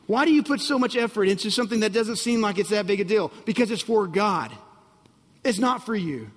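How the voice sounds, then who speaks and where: A man's voice: high-pitched, animated, a little fast, big-room sound. A man preaching a sermon, emphatic and repetitive, often asking the congregation if they are ready. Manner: emphatic, repeats phrases, asks the audience if they're ready. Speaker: pastor.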